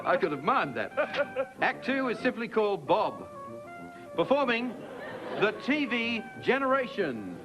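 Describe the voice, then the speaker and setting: A man's voice: sits high, huge pitch swings, unhurried, pauses often, over a noisy crowd, low-quality recording. A man with an Australian accent hosting a live variety show, joking and laughing often between acts. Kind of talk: live studio banter. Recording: TV studio audience, loud music. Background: studio audience and band music.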